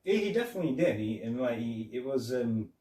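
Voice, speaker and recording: A man's voice: mid-range voice, very animated, a little fast, dark tone. A man co-hosting a podcast, chatting casually about a film and retelling scenes, rambling with many fillers. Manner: rambling, retells scenes with quoted lines and laughs. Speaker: podcast co-host. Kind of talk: casual film review chat. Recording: echoey room, distant mic.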